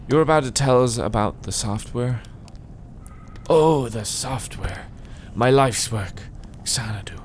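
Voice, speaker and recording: A man reading game dialogue as a gloomy, reclusive male software creator, speaking slowly and softly with a mournful tone. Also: fairly low pitch, slight background noise, close to an everyday voice. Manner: slow, soft, mournful delivery. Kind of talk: voice acting a game's dialogue.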